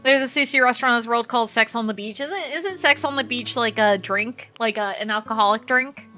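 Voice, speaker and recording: A woman streaming a game and chatting with her viewers, her voice high and bright. She tells stories in an animated, chatty way and swears freely. Faint game music plays behind her. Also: fairly quick. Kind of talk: casual chat while playing a game.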